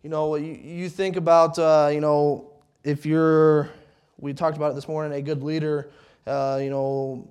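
A middle-aged man preaching a sermon in a church, speaking conversationally and haltingly, with many fillers and restarts. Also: fairly high pitch, flat delivery, darkish tone, smooth. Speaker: pastor.

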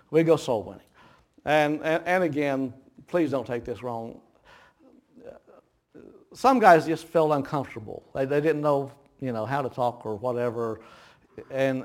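A man preaching a sermon, telling a folksy story with laughter that turns hushed and grave, with audible gasps between phrases. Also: high-pitched. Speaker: pastor.

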